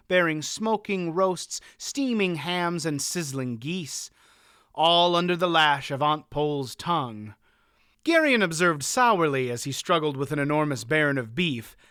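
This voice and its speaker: A man reading a fantasy novel aloud as audiobook narrator in a steady storytelling manner. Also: on the high side, smooth, no room sound, studio quality. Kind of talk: scripted narration.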